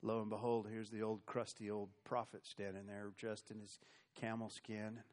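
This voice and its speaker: A man's voice: fairly low pitch, monotone, normal speed. An American man preaching a sermon, telling Bible stories in a folksy, conversational way. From United States. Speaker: pastor.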